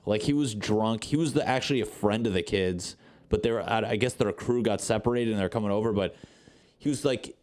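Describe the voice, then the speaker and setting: A man's voice: fairly low pitch, a little fast, a little mellow. A young man hosting a podcast, telling a rambling, profane story in casual chat and acting out what people said. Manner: profane, rambling, acts out quotes. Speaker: podcast host.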